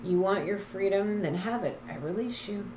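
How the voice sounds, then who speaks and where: A woman's voice: mid-range voice, moderate pace, background noise. A woman giving a casual intuitive card reading, blunt and preachy with a teasing edge. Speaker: tarot card reader. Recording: echoey, slightly dull room sound.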